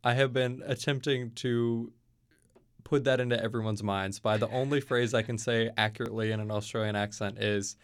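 Chatty young man with a smooth voice. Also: medium pitch, fairly even intonation, normal speed. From Kentucky, USA. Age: young adult. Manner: chatty, storytelling, many fillers. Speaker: college student guest. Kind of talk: casual interview chat.

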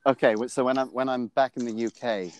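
A young man in casual chat with an old friend, reacting quickly and laughing along. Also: mid-range voice, steady tone, no echo.

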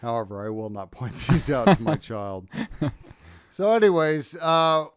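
A man co-hosting a casual podcast, drunk, loud and crude, laughing often. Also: medium pitch, very animated, moderate pace, clear, resonant tone, no echo. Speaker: podcast co-host. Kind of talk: casual chat.

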